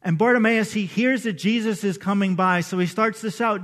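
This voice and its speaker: A male pastor preaching a sermon in a conversational, animated way, acting out the people he quotes. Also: high-pitched, fairly quick, few pauses.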